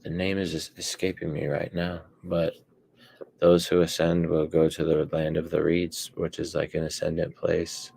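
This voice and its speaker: A man speaking as a panelist in a casual discussion, hesitant and pausing often with fillers. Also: a bass voice, monotone, vocal fry, darkish tone, breathy edge. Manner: hesitant, many fillers and pauses.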